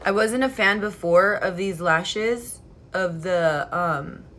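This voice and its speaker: A young woman vlogger chatting casually and excitedly, swearing freely as she tells a story. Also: fairly low pitch, takes it slowly, slight background noise. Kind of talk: casual chat. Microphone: headphone mic.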